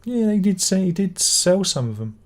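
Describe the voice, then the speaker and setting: Speaking at a moderate pace in a high-pitched, very animated voice, a middle-aged channel host reads viewer comments on his live stream. He answers them with rambling exclamations and swearing.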